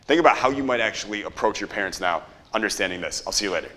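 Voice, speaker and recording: A young man running a live marketing workshop, energetic, quizzing the audience and swearing casually. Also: fairly low pitch, rapid-fire.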